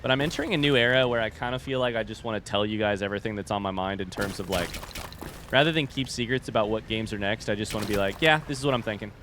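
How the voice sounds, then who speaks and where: A man's voice: on the low side, fairly even intonation, quick pace, fairly bright tone. Male streamer, casual rambling chat over gameplay, faint background noise. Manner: rambling, chatty, addresses chat directly. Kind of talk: casual livestream chat while gaming.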